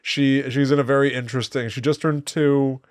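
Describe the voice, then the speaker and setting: A man's voice: mid-range voice, normal speed, smooth, no room sound, clean studio sound. A man in his thirties co-hosting a podcast, chatting casually and mimicking voices as he retells family stories. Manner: animated storyteller, mimics voices while retelling. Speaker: podcast co-host. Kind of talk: casual chat.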